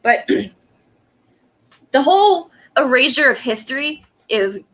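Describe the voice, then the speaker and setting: High, lively woman ranting. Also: slow. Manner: angry profane rant with frequent laughs. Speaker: vlogger. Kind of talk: ranting casual livestream. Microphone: laptop webcam.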